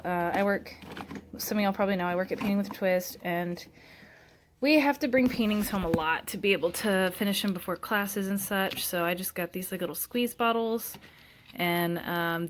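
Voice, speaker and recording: A woman's voice: mid-range voice, background noise. A young woman chatting casually as she shows her art supplies, full of fillers and restarts. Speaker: vlogger giving a studio tour. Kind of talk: casual chat.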